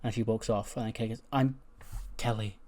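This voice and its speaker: A man's voice: on the low side, completely flat delivery, racing, a little mellow. A man giving casual, rambling commentary on a wrestling management game, laughing often.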